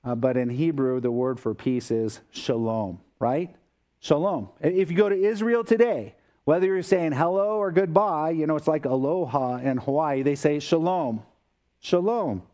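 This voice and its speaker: A man's voice: a little high, moderate pace, warm tone. A man preaching a sermon as a pastor, explaining scripture in a conversational way with everyday asides.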